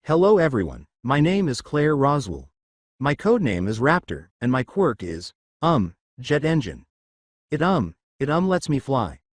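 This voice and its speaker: A man's voice: mid-range voice, sing-song, measured pace, dry recording. A man voicing a shy, nervous young woman who stammers and hesitates.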